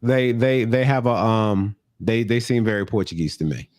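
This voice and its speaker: A man's voice: lowish voice, moderate pace, no echo, studio quality. A young man co-hosting a comedy podcast, talking casually with profanity and jokey mock rants. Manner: profane, joking, slips into loud mock rants. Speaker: podcast co-host.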